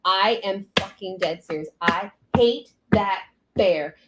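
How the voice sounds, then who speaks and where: Brief: young woman cake artist ranting on a live stream, cursing and animated. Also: medium pitch, slow, reverberant, heavy background noise. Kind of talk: casual live stream chat.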